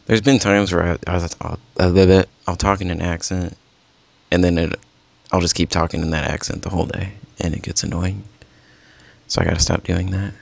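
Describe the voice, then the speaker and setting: A man's voice: low-pitched, moderate pace, vocal fry, dry recording, dull audio. A man hosting a casual gaming podcast, rambling and correcting himself as he chats with a friend. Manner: rambling, self-correcting, animated. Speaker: podcast host.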